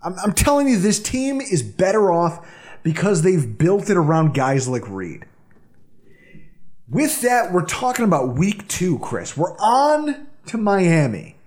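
High, lively sports podcast host man. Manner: animated, dramatic pauses on game details. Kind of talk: excited sports podcast banter.

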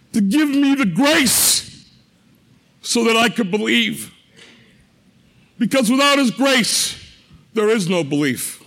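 Earnest high-voiced middle-aged man. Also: vocal fry, fairly bright tone. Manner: earnest, halting, with repeated words and restarts. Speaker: speaker giving a faith testimony. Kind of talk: personal testimony storytelling.

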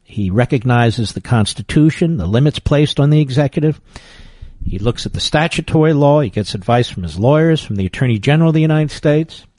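A man's voice: mid-range voice, lively intonation, brisk, darkish tone, no room sound. A man hosting political talk radio, combative and emphatic in his commentary, often scornful. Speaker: radio talk show host.

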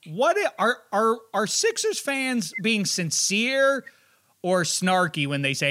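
Bright, lively sports talk host. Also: male voice, sits high, slow. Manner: animated, stumbling restarts.

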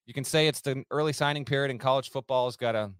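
A man's voice: mid-range voice, fairly even intonation, fast talker, clean tone, no room sound. Opinionated male sports podcaster, dry mic. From northern United States. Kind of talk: casual sports talk.

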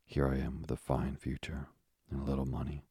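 A man's voice: a bass voice, monotone, fairly quick, vocal fry, mellow, husky, no room sound, studio quality, exaggerated voice. Man reading an earnest young sailor. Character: eager, generous young sailor son.

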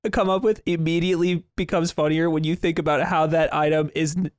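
A man's voice: on the high side, steady tone, a little fast, no room sound, studio quality. A man co-hosting a podcast in casual chat, often laughing as he talks. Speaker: podcast co-host.

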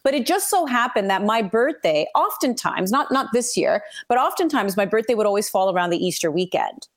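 A woman's voice: mid-range voice, fairly quick. A woman from Canada, a sportscaster, chatting casually as a podcast guest and acting out quotes as she tells stories. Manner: chatty, animated storyteller, acts out quotes.

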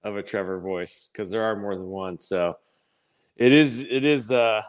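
A man with a low voice co-hosts a podcast in easygoing chat. He drops dry, teasing quips. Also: moderate pace, clean tone. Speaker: podcast co-host. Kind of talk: casual chat.

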